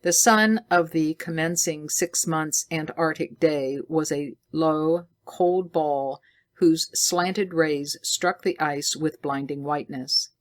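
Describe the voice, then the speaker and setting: A woman reading a science fiction story aloud slowly and deliberately for English learners. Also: low-pitched.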